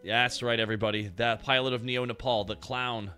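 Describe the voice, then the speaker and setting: A Canadian man chatting excitedly as a co-host, swearing, laughing and making mock-dramatic asides. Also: medium pitch, brisk, soft background music. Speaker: podcast co-host. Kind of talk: casual chat reacting to an anime.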